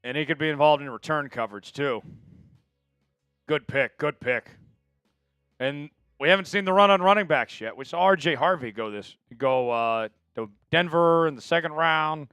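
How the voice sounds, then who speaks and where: A man's voice: a little high, moderate pace, clear, resonant tone, no room sound, soft background music. Chatty male draft stream host. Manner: chatty, excitable, hypes viewers for likes. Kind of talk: casual live-stream commentary.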